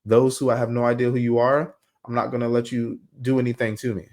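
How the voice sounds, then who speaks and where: A young man hosting a podcast, talking casually and telling stories in a slangy, animated way. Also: mid-range voice, fast. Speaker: podcast host. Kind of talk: casual monologue.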